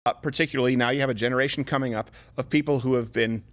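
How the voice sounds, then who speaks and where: A man giving political commentary on a panel, lecturing slowly and emphatically. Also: medium pitch, fairly even intonation. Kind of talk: opinion commentary in a played clip.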